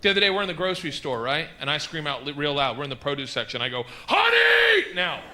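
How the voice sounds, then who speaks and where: A man doing a stand-up set, telling stories loudly with shouted bits, on a noisy live stage recording. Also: a little high, racing. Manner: loud, rowdy storytelling with shouted bits. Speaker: stand-up comedian.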